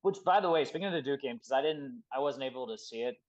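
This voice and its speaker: A man's voice: mid-range voice, lively intonation, quick pace, lo-fi sound. A man co-hosting a casual sports podcast, rambling and leaning on "like" as he thinks aloud. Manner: rambling, fills with "like". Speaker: podcast co-host.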